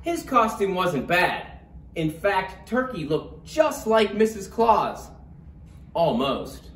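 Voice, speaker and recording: A man reading a holiday bedtime story aloud in a slow, expressive manner. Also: high-pitched. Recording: roomy, distant, faint room noise.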